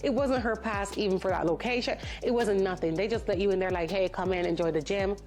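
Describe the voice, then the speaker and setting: Animated woman telling a storytime. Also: medium pitch, fairly quick, soft background music. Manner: animated, indignant retelling with quoted voices. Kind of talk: casual storytime.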